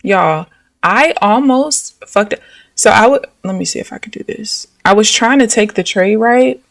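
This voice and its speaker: A woman's voice: mid-range voice, moderate pace, creaky, no echo, distant mic. Exasperated, swearing young woman storyteller. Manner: chatty, exasperated, swears freely, slangy. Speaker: live trading streamer. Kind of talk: casual storytelling while trading live.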